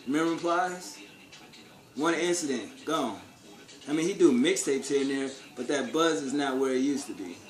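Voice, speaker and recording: At a moderate pace and medium pitch, this man rants his opinions casually on a vlog. The audio carries echo and faint room ambience, and his delivery is blunt, full of cursing, street slang, and rhetorical questions.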